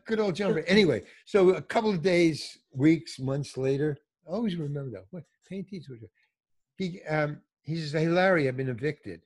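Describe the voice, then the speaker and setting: An older man telling a comic story in casual chat, acting out the people in it with big jumps in his voice. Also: husky. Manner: animated, acts out quotes with big pitch jumps. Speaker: comedian guest telling stories.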